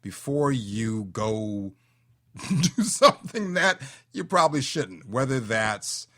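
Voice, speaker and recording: A man's voice: mid-range voice, big pitch swings, slow pace, pushed and bright. A male host asking thoughtful, inquiring questions in an interview. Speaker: show host.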